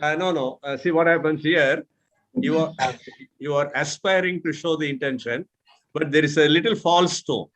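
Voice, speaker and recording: A man's voice: fairly high pitch, normal speed, a bit bright. A man with an Indian English accent mentoring a speaking class over a video call, patiently showing tones by example. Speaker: speech mentor. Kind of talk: online mentoring session.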